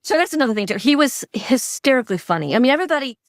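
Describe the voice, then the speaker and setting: A middle-aged woman, a guest author, telling stories in an animated way and acting out quoted dialogue. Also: sits high, rapid-fire, no room sound, clean studio sound. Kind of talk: conversational storytelling.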